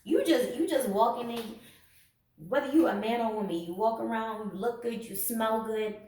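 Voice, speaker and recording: A woman's voice: on the high side, normal speed, warm tone. A woman giving a casual tarot reading to camera, sarcastic and laughing often. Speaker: tarot reader. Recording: echoey room, mic at a distance.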